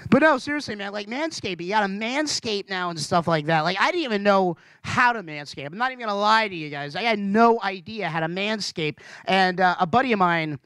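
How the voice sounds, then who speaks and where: A man performing a rambling, self-deprecating stand-up comedy set, swearing freely and jumping up in pitch for emphasis. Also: expressive, fast talker, few pauses, fairly bright tone, smooth, no room sound.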